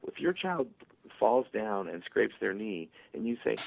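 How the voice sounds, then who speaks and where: Gravelly man on a tinny phone line. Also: on the low side, a little slow, slight background noise. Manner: animated storytelling, acting out parents' voices. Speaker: author guest. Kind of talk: radio interview.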